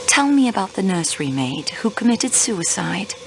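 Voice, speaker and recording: An actress playing a young railway clerk turned investigator in a mystery video game, polite but insistent in questioning. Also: female voice, mid-range voice, sing-song, moderate pace, noisy background. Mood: poised, probing. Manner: poised, probing, politely insistent.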